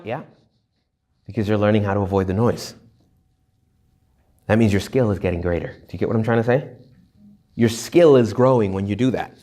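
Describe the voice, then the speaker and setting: A man giving a humorous retreat talk to young adults, joking and acting out little quoted voices. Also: medium pitch. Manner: jokey, animated, acts out little quoted voices. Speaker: retreat speaker.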